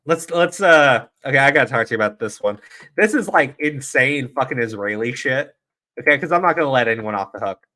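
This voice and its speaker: A man's voice: mid-range voice, animated, brisk, pushed and bright. A man giving profane, heated, sarcastic commentary on a livestream. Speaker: streamer commentator.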